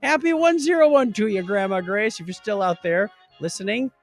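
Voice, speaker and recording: A middle-aged man co-hosting a casual podcast, jokey and animated, with sudden loud exclamations. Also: high voice, fairly quick, faint music behind. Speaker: podcast co-host. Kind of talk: casual chat.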